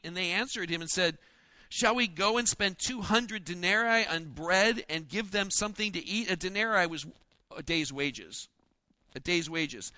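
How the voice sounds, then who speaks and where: A man preaching a sermon in a folksy, joking way, acting out the disciples' lines in quick asides. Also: sits high, pushed and bright, no echo. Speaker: pastor.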